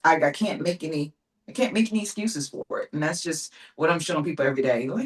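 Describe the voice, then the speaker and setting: A woman's voice: low-pitched, fast talker, low-quality recording. A woman in her forties, speaking in a determined, emphatic way, full of casual fillers, in an interview. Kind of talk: casual motivational talk.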